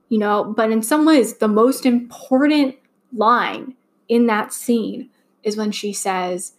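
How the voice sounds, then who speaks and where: A woman's voice: medium pitch, unhurried. A young adult woman hosting a fan podcast, talking in a rambling, heartfelt way with lots of fillers and restarts, a little choked up. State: slightly choked up. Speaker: podcast host. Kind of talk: casual fan podcast monologue.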